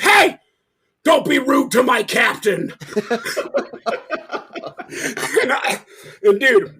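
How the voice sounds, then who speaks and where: A man on a podcast, casually telling a story with lots of swearing, acting out what people said. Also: sits high. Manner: animated, swearing, acts out quotes. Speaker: podcast co-host, bass player.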